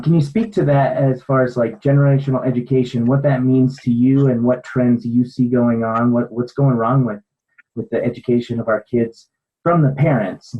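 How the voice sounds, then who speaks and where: A man's voice: mid-range voice, breathy edge. A man hosting a podcast, asking hesitant questions full of fillers in a casual interview. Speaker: podcast host. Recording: dull lo-fi sound.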